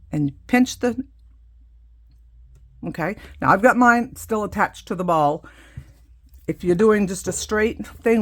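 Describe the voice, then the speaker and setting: Middle-aged woman, how-to teacher, chatty and loose, gravelly low voice. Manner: chatty, explains hands-on with many asides. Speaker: craft teacher. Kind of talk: casual how-to demonstration.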